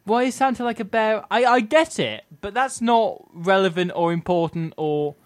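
A man from Wales hosting a casual comedy chat, animated and quick to laugh. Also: sits high, no room sound. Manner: giggly, animated, prone to laughing. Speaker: podcast host.

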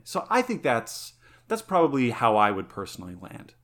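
A man's voice: medium pitch, huge pitch swings, moderate pace, a bit bright. A man co-hosting a podcast who talks earnestly and enthusiastically, often restarting his sentences. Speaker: podcast co-host. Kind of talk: casual chat.

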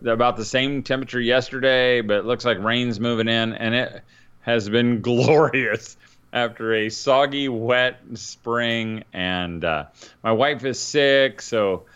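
Tired middle-aged guy rambling on a podcast, smooth voice, kinda dull lo-fi sound. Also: medium pitch, a little slow, fairly bright tone. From northern Indiana. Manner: rambling, many fillers. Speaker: podcast co-host, father. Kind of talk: casual chat.

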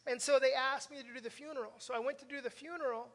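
A man's voice: extremely high pitch, steady tone, fast, a bit bright. Older man, pastor, earnest conversational sermon, storytelling, long hall reverb. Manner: earnest, storytelling, direct address to congregation. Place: church sanctuary.

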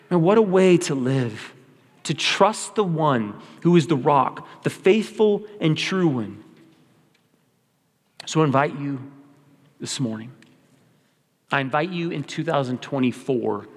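A male pastor preaches to his congregation, earnest and conversational, hammering home repeated phrases. His voice sits slightly high. A long sanctuary reverb carries every word. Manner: earnest, conversational, repetitive exhortation. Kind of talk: sermon. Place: church sanctuary.

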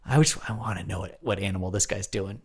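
A man's voice: on the low side, fast talker, husky. A man in casual comedic chat, rambling through stories, laughing often and swearing offhand.

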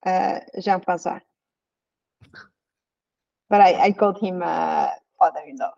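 A woman's voice: fairly low pitch, unhurried, creaky, warm tone, lo-fi sound. Woman, laughing and easygoing. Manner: laughs often, hesitant fillers. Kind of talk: casual comedic chat.

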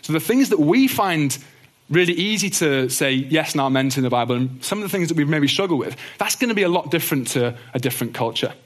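Bible teacher, male, slightly higher voice, earnest and gentle delivery. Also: lively intonation, quick pace. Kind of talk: teaching talk on doctrine.

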